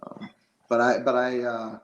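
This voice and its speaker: A man's voice: mid-range voice, monotone, measured pace, reverberant, dull audio, slight background noise. A man chatting casually as a guest, rambling with lots of fillers and restarts. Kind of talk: casual chat.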